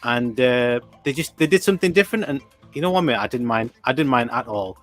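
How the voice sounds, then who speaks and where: A man's voice: mid-range voice, lively intonation, brisk, fairly bright tone, faint music behind. A man in casual chat, giving an easygoing take on a film. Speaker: podcast co-host.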